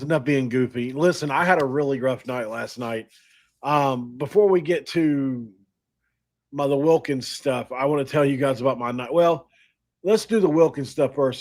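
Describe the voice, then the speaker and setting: A man hosts a sports podcast in a relaxed, chatty way. He rambles, corrects himself and laughs at his own slips. His voice sits at an ordinary middle pitch. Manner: chatty, rambling, self-deprecating, laughs often. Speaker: podcast host. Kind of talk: casual sports podcast talk.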